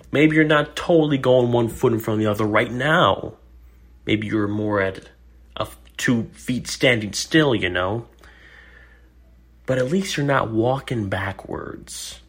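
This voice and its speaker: A man's voice: fairly low pitch, a bit bright. A man hosting a solo podcast, talking in an earnest, encouraging and wry way. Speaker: podcast host. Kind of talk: casual solo podcast commentary.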